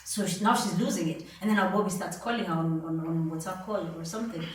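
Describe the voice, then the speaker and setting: A woman's voice: on the low side, quick pace. A woman hosting a podcast, telling a long story in a casual, chatty way with quoted dialogue. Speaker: podcast host. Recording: echoey room, mic at a distance.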